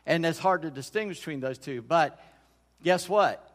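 A man's voice: fairly high pitch, moderate pace. A middle-aged man preaching a sermon as pastor, folksy and conversational, often restarting his sentences. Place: church sanctuary. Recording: long church hall reverb.

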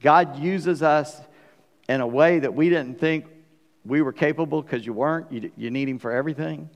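A man's voice: on the high side, normal speed, big-room sound, muffled recording. A man preaching a sermon in a church, asking rhetorical questions and acting out little stories. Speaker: pastor. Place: church sanctuary.

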